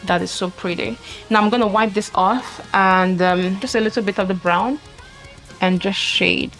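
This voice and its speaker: A woman's voice: mid-range voice, normal speed, a bit bright, soft background music. A woman vlogger talking through a mascara tutorial step by step, chatty and exclaiming often. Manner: chatty, narrates each step with frequent exclamations. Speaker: makeup vlogger. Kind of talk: casual makeup tutorial.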